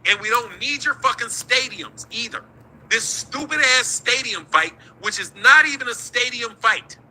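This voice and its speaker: A man's voice: extremely high pitch, animated, normal speed, bright, forceful tone, a little hiss or hum, poor audio. A middle-aged man, hosting a boxing talk stream in a profane, combative rant. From United States. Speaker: boxing talk show host. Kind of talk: livestream rant.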